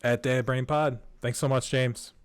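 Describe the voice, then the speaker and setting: Co-host with quick joking interjections. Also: male voice, mid-range voice, fairly even intonation, background noise. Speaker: podcast co-host. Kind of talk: casual chat.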